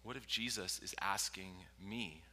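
A male pastor giving a sermon, swinging from loud, forceful lines to hushed whispers, recorded in a church. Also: deep voice, measured pace. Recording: long reverb from a large hall.

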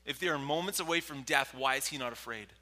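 Male pastor, sermon delivery; sharp bright tone, dramatic loud-to-whisper swings, long church reverb. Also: medium pitch, fast talker. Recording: long reverb from a large hall.

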